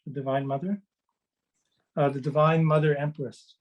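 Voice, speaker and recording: A man's voice: fairly high pitch, little pitch movement, normal speed, dull audio. A middle-aged man on a video call, chatting casually to children and telling rambling anecdotes with lots of fillers and restarts. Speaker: children's book author and meditation host. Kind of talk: casual storytelling chat.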